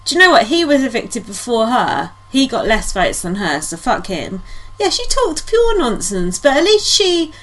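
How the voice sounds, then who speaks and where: A woman co-hosting a podcast in casual chat, blunt and sweary with quick rants. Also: a little high, very animated, a bit bright. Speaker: podcast co-host.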